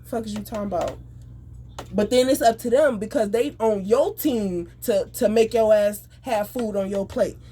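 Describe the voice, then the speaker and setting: A woman venting in an angry, profane, rapid rant. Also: medium pitch, mellow, a little hiss or hum. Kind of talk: emotional venting monologue.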